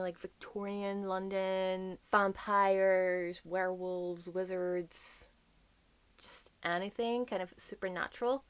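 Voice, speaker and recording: A woman book vlogger chatting casually about her monthly reads, gushing and full of asides. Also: medium pitch. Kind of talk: casual reading wrap-up chat.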